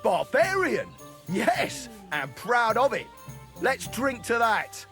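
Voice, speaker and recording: An actor playing a crude, jolly drinking buddy in a video game, bawdy and mocking. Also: male voice, extremely high pitch, huge pitch swings, slow pace, bright, forceful tone, soft background music, heavily acted. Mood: rowdy.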